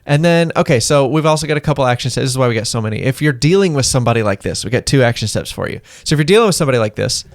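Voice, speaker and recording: A man talks through everyday advice in an offhand, rambling way, with a middle-pitched voice and very dry, close sound. He slips into quick acted-out exchanges as he goes. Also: expressive, no echo. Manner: rambling, offhand, acts out little dialogues. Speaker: podcast co-host. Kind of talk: casual advice chat.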